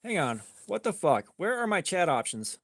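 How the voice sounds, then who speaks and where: High-voiced man telling a rambling story. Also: moderate pace, no room sound, clean studio sound. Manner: rambling, profane, animated in quoted dialogue. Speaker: livestream host. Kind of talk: casual storytelling on a livestream.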